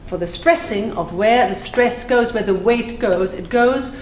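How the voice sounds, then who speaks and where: A woman teaching a live class, playful and self-mocking, drilling phrases slowly and then fast. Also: a little high, darkish tone, slight background noise. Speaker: Spanish teacher. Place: classroom with audience. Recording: echoey room with faint ambience.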